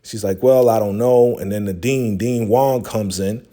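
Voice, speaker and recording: A man hosts a laid-back recap of a TV episode. His voice sits fairly low, with a warm, mellow tone. He talks in a slangy, easygoing way full of fillers. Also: unhurried.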